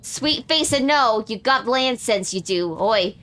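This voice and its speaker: Foul-mouthed pirate captain as a woman puts her on, bright voice, highish, coarse pirate slang, reading game lines. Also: lively intonation, unhurried. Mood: gruff. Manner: coarse old-timey pirate slang, stumbling reads. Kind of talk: reading game quest dialogue aloud in character.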